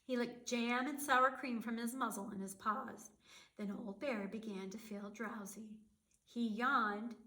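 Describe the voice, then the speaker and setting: Bright-voiced librarian reading aloud. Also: female voice, fairly high pitch, unhurried. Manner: expressive storytelling. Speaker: children's librarian. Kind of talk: reading a picture book aloud. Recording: roomy echo.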